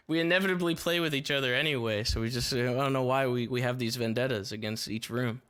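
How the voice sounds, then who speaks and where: Bright-voiced excitable male gamer. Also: mid-range voice, fairly quick, clean tone. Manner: swearing, laughing, excitable outbursts. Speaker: streamer. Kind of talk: casual gaming stream chat.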